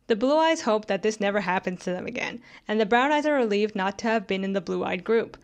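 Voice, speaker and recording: A woman's voice: medium pitch, animated, brisk, gravelly. A young woman reading a scripted video essay in a critical, conversational way, with sarcastic asides.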